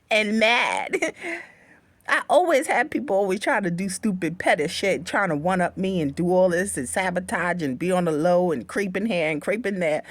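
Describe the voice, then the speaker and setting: A woman telling a story from her own life to her viewers, animated and profane, often calling them honey bunnies, speaking into a phone. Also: on the high side, no echo. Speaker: livestream host.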